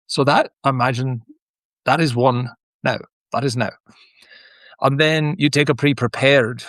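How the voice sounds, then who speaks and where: A middle-aged Scottish man with a gravelly, mid-range voice, recorded close and dry. He talks in a thoughtful, meandering way, circling back with restarts and asides as he reflects aloud. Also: mid-range voice, dry recording. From Scotland. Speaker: teacher sharing personal reflections. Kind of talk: reflective unscripted monologue.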